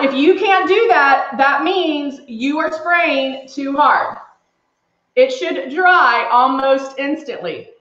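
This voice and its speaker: Her voice is high-pitched and a little bright as she runs a relaxed live makeup tutorial, chatting her way through every step and responding to comments from viewers. It's recorded in an echoey space with somewhat dull sound.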